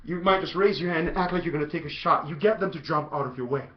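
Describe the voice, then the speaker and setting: A man coaching soccer in a casual video tutorial, playful and animated, breaking into loud shouts. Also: fairly high pitch, fast, muffled recording.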